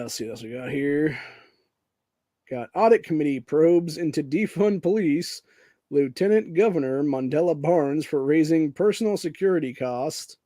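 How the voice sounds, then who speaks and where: Casting: angry, profane male podcast host from Ohio, dark mellow tone, fairly high pitch. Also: no echo. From Ohio, USA. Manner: profane, angry, says "dude" often. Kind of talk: casual political rant.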